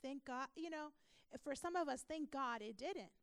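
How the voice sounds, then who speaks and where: A woman's voice: high-pitched, animated, moderate pace, gravelly, no room sound. A woman pastor teaching a church class, earnest and emphatic, asking her listeners questions.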